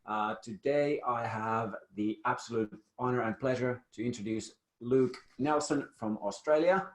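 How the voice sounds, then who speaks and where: A man's voice: medium pitch, measured pace, echoey room. A man hosting a podcast, chatting in a jovial, rambling way with frequent restarts. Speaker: podcast host. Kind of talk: casual interview chat.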